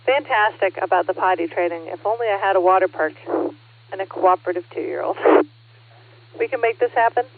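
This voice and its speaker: A woman's voice: mid-range voice, fairly quick, slight background noise. Chatty woman on a ham radio net. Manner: chatty, laughs easily. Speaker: net control. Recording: narrow ham radio transmission.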